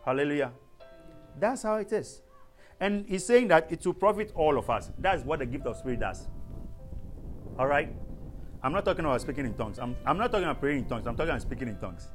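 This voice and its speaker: A man's voice: a little high, fast, pauses often, faint music behind. A man teaching a sermon on prayer, calling out questions to the congregation and breaking into tongues. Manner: animated, calls to the congregation, bursts into speaking in tongues. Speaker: preacher.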